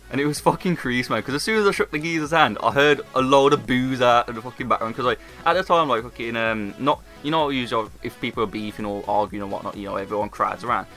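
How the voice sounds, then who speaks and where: Young Birmingham male storyteller, rapid sweary slang-heavy delivery, music bed underneath. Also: mid-range voice, pushed and bright. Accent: Birmingham English. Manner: swears constantly, slangy, fillers like "like" and "you know". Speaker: gaming YouTuber. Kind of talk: casual storytelling over gameplay.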